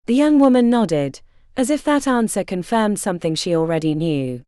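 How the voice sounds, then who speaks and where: A woman narrating a historical romance audiobook in a measured, storytelling manner. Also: mid-range voice, very animated, mellow, clean tone, dry recording, clean studio sound.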